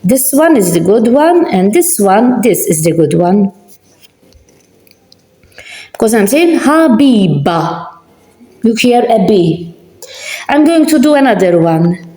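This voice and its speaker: Slow, patient woman teaching in an echoey room. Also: medium pitch, sing-song, warm tone. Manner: patient, repeats words slowly and deliberately. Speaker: language teacher. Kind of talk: slow spelling lesson with examples.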